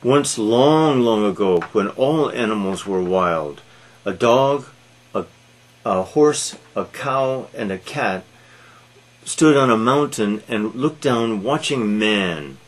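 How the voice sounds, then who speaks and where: A man telling an animal fable aloud, halting with frequent fillers and restarts. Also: lowish voice, lively intonation. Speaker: storyteller. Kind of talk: read-aloud storytelling.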